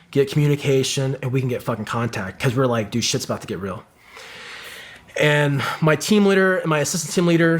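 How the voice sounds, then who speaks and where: A middle-aged man, a former Marine sniper, telling a vivid combat story in casual talk, with lots of swearing and acted-out quotes. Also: mid-range voice. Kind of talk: casual war story in an interview.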